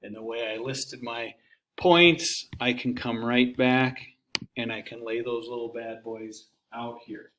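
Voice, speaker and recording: A man teaching calculus at an unhurried pace, walking through graph work step by step. He keeps a relaxed, folksy classroom manner and talks through every button press. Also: medium pitch, slight background noise. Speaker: math teacher. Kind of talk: calculus lesson walkthrough.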